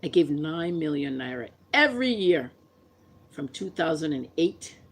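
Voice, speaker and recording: A woman's voice: sits low, big pitch swings, a little slow. A woman from Nigeria with a Nigerian accent, vlogging her opinions in an impassioned, combative rant full of rhetorical questions. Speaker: vlogger and commentator.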